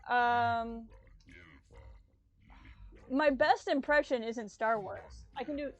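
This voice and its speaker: A young woman commenting on a game stream, with a slightly high voice and a loose, giggly delivery. She mixes reading game dialogue with rambling asides into her desk mic. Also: slow. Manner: chatty, giggly, reads game text aloud.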